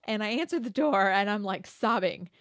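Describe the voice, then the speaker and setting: A woman's voice: mid-range voice, expressive, moderate pace, dry recording, clean studio sound. A woman co-hosting a casual talk show, telling stories in a chatty way with many fillers. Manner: chatty storyteller, hesitant fillers. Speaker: podcast co-host. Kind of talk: casual chat.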